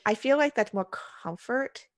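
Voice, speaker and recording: A young adult woman narrating a tabletop horror game as game master, slow and hesitant with fillers. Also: on the high side, animated, no echo.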